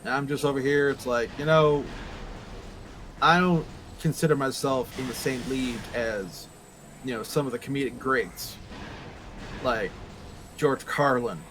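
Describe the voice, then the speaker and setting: A man's voice: mid-range voice, a little hiss or hum, low-quality recording. A man streaming a game, ranting sarcastically and crudely in casual chat. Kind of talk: casual chat while gaming.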